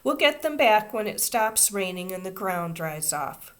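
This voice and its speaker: A woman's voice: medium pitch, big pitch swings, measured pace, fairly bright tone. A woman voicing a kindergarten teacher who sounds sympathetic but firm. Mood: gentle.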